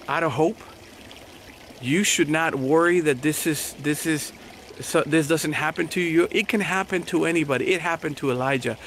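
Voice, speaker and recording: Gravelly-voiced man preaching a sermon. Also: a little high, a bit bright, a little hiss or hum. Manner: conversational, repetitive preaching with rhetorical questions. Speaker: pastor.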